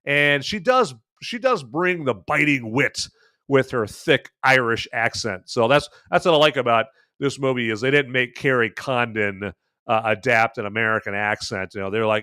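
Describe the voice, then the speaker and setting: A man's voice: mid-range voice, normal speed, pushed and bright, smooth, dry recording. A man hosting a podcast, giving a casual spoken film review in a chatty way, full of fillers and emphatic asides.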